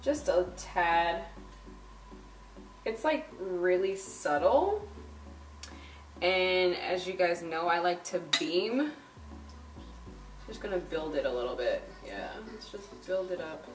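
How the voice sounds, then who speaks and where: A woman's voice: fairly low pitch, lively intonation, slow pace, pauses often, far from the mic. Young female beauty vlogger, chatty and bubbly, echoey room, slightly off-mic, faint music behind. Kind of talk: casual makeup tutorial talk. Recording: roomy echo, a bit off-mic. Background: faint background music.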